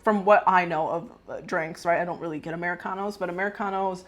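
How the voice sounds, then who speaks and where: Woman from the us ranting casually on her commentary channel, kinda low voice, lots of "right?". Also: fast talker. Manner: chatty and opinionated, frequent "right?" asides.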